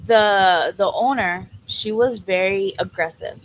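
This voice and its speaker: A woman's voice: mid-range voice, takes it slowly, slight background noise, low-quality recording. Puerto Rican woman telling a story. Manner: storytelling, cursing, mixes in Spanish words. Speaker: podcast co-host. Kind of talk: casual chat.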